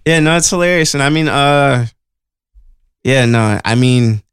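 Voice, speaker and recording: A man's voice: medium pitch, unhurried, clear, resonant tone, no room sound, studio quality. A man co-hosting a casual podcast, telling stories in a loose, profane way full of "like" fillers. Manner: laid-back storyteller, heavy on "like" and profanity. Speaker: podcast co-host. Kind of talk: casual chat.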